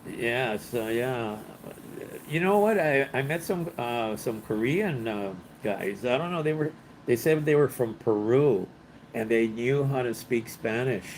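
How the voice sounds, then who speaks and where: A man hosts a relaxed livestream from a hotel room. He talks slowly and easily, at a middle pitch, with faint room ambience behind him. He laughs often and drops in bits of Spanish while he chats with viewers. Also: a little hiss or hum, rough recording. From Los Angeles, United States. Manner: chatty, laughs often, mixes in some Spanish. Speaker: livestream host. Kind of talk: casual live-stream chat reading viewer comments.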